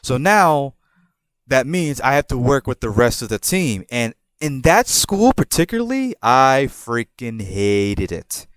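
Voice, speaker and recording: A man's voice: mid-range voice, very animated, unhurried, fairly bright tone, smooth, dry recording. A man in his twenties hosting a podcast, telling a personal story casually, rambling with repeated words and laughing at himself. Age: 20s. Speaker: podcast host.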